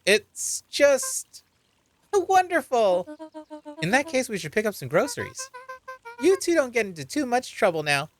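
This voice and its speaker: A streamer voicing an overeager, doting mother in a game, with a slow, sing-song, sugary delivery. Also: mid-range voice, sing-song, faint music behind, pitched above the performer's own voice.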